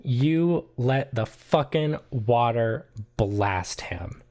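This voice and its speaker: Relaxed man running a tabletop game, mid-pitched voice, casual, filler-heavy narration. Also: extremely slow. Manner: laid-back, filler-heavy, swearing, laughs often. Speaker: game master.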